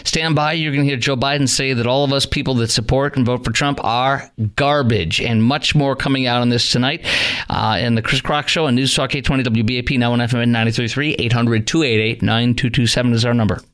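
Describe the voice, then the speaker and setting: A man's voice: medium pitch, steady tone, brisk, a bit bright, clear, resonant tone. A man hosting a call-in talk radio show, friendly with callers and calling them brother.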